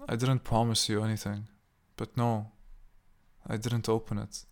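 A man's voice: on the low side, level tone, measured pace. Man doing a frightened homeowner. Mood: defensive. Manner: nervous and pleading. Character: frightened middle-aged man, defensive.

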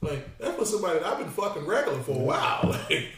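A man with a high-pitched voice talks loosely and profanely, stumbling over and repeating his words as he builds an argument. He sounds set back from the mic in a very echoey room with a faint hiss underneath. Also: very animated, fast talker, far from the mic, over a noisy crowd. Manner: rambling, repeats words, swears freely. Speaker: podcast co-host. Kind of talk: casual crude banter.

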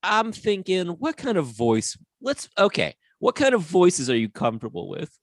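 A man co-hosting a comedy podcast, wry and quick to laugh in casual banter. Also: high voice. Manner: animated, wry, laughs often. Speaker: podcast co-host.

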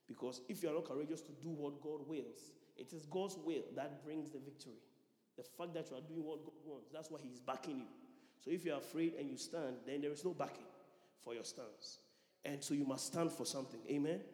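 A man's voice: fairly high pitch, mellow. Preacher man in an echoey hall. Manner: repeats lines for emphasis and calls out to the congregation. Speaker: pastor. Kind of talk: sermon. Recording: echoey church hall reverb.

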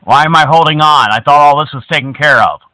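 A man making a prank phone call, crude, abusive and mocking, at times bursting into shouts. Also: fairly high pitch, fast, no echo. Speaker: prank caller.

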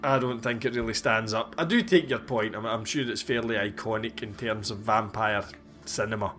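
A man's voice: lowish voice, steady tone, normal speed, sharp tone, faint music behind. Sweary forty-something man recapping a film. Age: 40s. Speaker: podcast host. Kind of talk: casual chat.

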